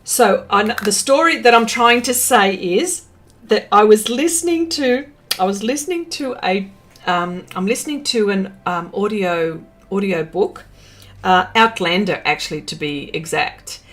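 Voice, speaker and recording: This Australian livestream host has a mid-range voice with lively intonation, a measured pace and a fairly bright tone. She paints while chatting casually, reading viewer comments aloud and using many fillers.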